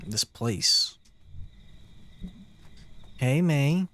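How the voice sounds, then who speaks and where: A man streaming a game, reading its dialogue aloud slowly and quietly, with playful asides in between. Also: mid-range voice, big pitch swings, a little hiss or hum. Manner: slow and subdued when reading, with playful asides. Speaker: let's play streamer.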